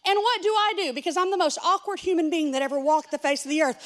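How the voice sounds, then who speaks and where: A woman pastor, preaching a sermon through a lively, self-mocking story, acting out what people said. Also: very high voice, quick pace, hardly any pauses. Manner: animated, self-mocking storyteller who acts out quotes.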